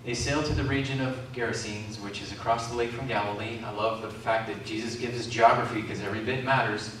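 A man's voice: fairly low pitch, fairly even intonation, fast talker, a bit bright, a little hiss or hum. A man preaching a sermon, calling out questions to the congregation. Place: community centre hall. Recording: echoey hall from far off.

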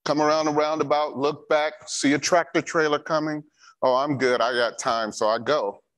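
A man's voice: a little high, steady tone, normal speed, a bit bright. A man giving a church safety training talk, repeating key instructions and telling a personal story.

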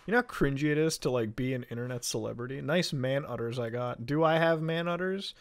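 A young man chatting casually on a livestream, swearing a lot, getting excited and laughing often. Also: mid-range voice, fairly quick. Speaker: streamer.

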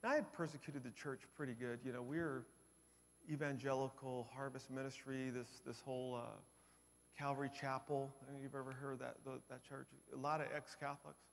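Man in his own storyteller voice, mid-pitched, animated, jokes at his own expense, heard in a long-reverb conference hall. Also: a little fast. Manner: animated, acts out quoted voices; self-deprecating humor. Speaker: conference speaker. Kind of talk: personal testimony storytelling.

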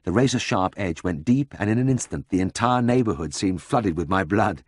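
A man reads a first-person memoir in a measured storytelling manner. His voice sits fairly low with a husky grain and an animated melody, recorded dry and close. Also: dry recording. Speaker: audiobook narrator.

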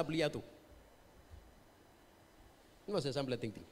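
A man with a Papua New Guinean accent preaches at a revival meeting, his voice sitting high for a man. He moves back and forth between English and Tok Pisin and keeps asking the listeners questions. The sound carries a long reverb from the church hall. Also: lively intonation, normal speed. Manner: mixes English and Tok Pisin, quizzes the congregation. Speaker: pastor. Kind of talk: revival sermon.

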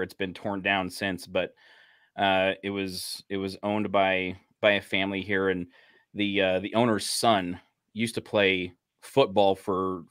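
This is a man with a low voice telling stories from his police work in a loose, easygoing chat. He leans on "you know" again and again and laughs at his own tales. The sound is dry and close. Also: a bit bright, no room sound. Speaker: podcast host, police officer. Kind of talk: casual storytelling chat.

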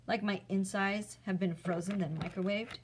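A woman's voice: mid-range voice, steady tone, moderate pace, a little hiss or hum, natural voice. A stubborn, sarcastic boy hero, as a woman reader puts him on. He talks bluntly in a storybook read-aloud. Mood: defiant.

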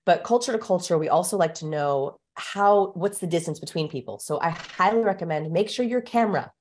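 Woman guest expert, somewhat low voice, brisk and emphatic explainer. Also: a little mellow, slight background noise. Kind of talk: interview explanation.

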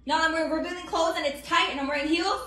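A woman's voice: extremely high pitch, fast, bright, forceful tone, roomy sound. A young woman in her twenties bickering with her partner in a scripted couple comedy skit, sassy and accusing.

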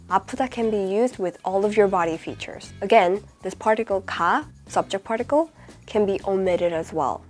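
A woman with a bad cold, her voice rough and odd, giving a casual online language lesson and explaining patiently. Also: medium pitch, a little mellow. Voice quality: rough, odd-sounding sick voice. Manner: explains patiently, often checking in with the viewer. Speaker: Korean language teacher.

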